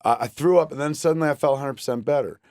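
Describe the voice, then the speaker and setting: A man's voice: medium pitch, very fast, no room sound. A man in his forties, a guest on a talk show, telling a story in casual, profane fashion and acting out what people said, recorded on a studio microphone. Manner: profane, animated storyteller who acts out quotes.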